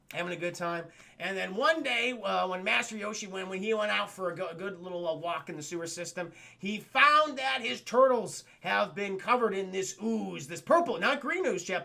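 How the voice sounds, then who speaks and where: A man streaming a casual recap of an old cartoon, animated and profane, laughing often and addressing his chat. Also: sits high, vocal fry.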